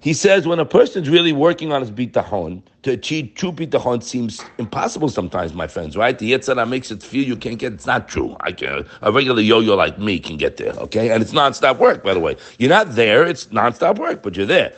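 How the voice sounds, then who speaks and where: A man giving an animated Torah class, fervent and full of rhetorical questions. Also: mid-range voice, fairly quick, hardly any pauses. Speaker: Torah teacher.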